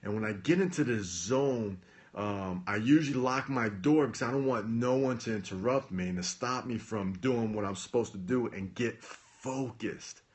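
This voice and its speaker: A man voicing a fellow Marine captain and bodybuilder, speaking quietly and matter-of-factly. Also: on the low side, normal speed, natural voice. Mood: calm. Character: calm focused male Marine captain, bodybuilder.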